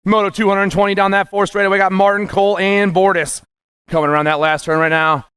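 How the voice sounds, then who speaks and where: A man calling live races as the announcer, excited and punchy, rattling off names and nicknames. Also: high voice, brisk, clear, resonant tone, no room sound, studio quality. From USA. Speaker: race announcer. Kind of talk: live race commentary.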